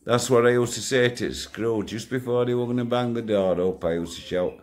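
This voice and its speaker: Here the older channel owner's voice is mid-range and fairly quick as he rambles casually at his viewers. He chuckles through stories, talking bluntly and swearing without restraint.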